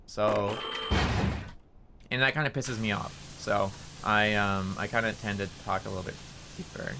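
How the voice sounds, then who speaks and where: A man's voice: fairly low pitch, normal speed, creaky, background noise. A young man streaming a game, chatting casually and rambling, with a nasal tone. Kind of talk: casual gameplay commentary.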